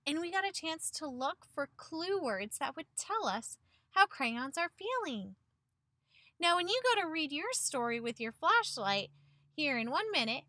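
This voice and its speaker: A woman's voice: very high voice, bright, forceful tone, dry recording. A woman teacher giving a picture-book read-aloud lesson to children, encouraging them and asking questions that she answers herself.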